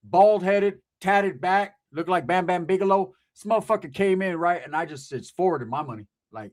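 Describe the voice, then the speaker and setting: A man's voice: mid-range voice, brisk. Profane, slangy middle-aged storyteller man. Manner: profane, slangy, animated, keeps asking "right?". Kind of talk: casual street storytelling.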